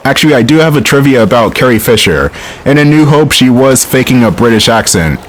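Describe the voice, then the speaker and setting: A man's voice: mid-range voice, lively intonation, fairly quick, a little hiss or hum. A man hosting a let's play, giving casual, joking gameplay commentary full of rambling tangents.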